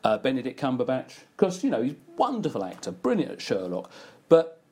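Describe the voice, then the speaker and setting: A man who works in advertising and casts voice actors, chatting casually and telling lively anecdotes. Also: medium pitch, a little fast, a little hiss or hum. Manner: anecdotal storyteller, animated delivery. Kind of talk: casual conversation.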